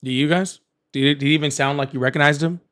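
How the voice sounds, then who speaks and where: A man hosting a live call-in political stream, animated, laughing often and thanking viewers. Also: on the high side, fast talker, clean tone. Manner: apologetic, excitable. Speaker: livestream host.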